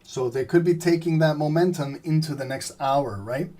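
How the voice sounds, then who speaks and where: Man calling live trades, throat rasping. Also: a little high, normal speed. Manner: steady explanatory, repeats "remember" and "right?". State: losing his voice, clearing throat. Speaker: trading streamer. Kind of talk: live market commentary.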